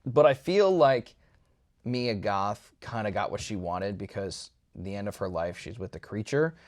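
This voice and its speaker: A young man co-hosting a casual movie review podcast, retelling scenes in an animated, jokey way. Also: lowish voice, a little slow. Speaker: podcast co-host.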